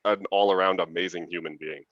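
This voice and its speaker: Low-voiced man, lo-fi dry call. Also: expressive, gravelly, no echo. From Canada. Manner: earnest, enthusiastic, quick to laugh. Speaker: author guest. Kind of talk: casual interview chat. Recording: dull lo-fi dry sound.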